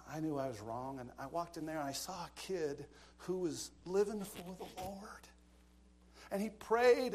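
A man's voice: high voice, slight background noise. A man preaching a sermon, telling stories with dramatic asides and bursts of laughter. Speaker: pastor. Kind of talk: storytelling sermon.

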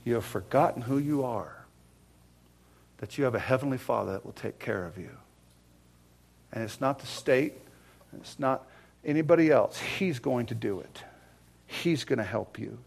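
A man preaching a sermon in a folksy way, swinging from hushed asides to loud, fervent passages. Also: medium pitch, animated, moderate pace, vocal fry, pauses often, slightly rough. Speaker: pastor.

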